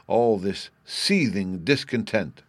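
A man's voice: fairly low pitch, animated, slow pace, no echo. A man voicing a sheepish, nervous court chancellor who stumbles over his words. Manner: sheepish, hesitant.

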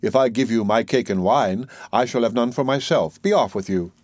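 A man's voice: medium pitch, moderate pace, darkish tone, no room sound, natural voice. A man reading as a rude selfish eldest son. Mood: dismissive.

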